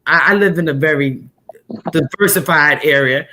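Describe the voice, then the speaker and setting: A middle-aged woman with a New York accent, hosting a casual live-stream chat in an animated, repetitive, streetwise way. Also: deep voice, normal speed. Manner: animated, repeats herself, streetwise phrasing.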